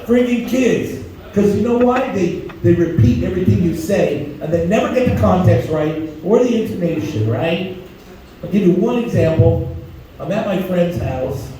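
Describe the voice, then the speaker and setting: A high, mellow-voiced man works a crude stand-up set, acting out the people in his stories. He sounds far from the mic in a very echoey club, with faint room noise behind him. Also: lively intonation, normal speed. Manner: crude, storytelling, acts out voices. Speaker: stand-up comedian. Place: comedy club stage, audience laughing.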